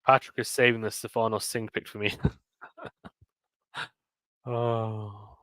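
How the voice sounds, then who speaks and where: With no room sound at all, a British man speaks slowly in a low voice as he hosts live tennis play-by-play. He reads viewer comments and chats casually between points, growing more excited as he calls every point.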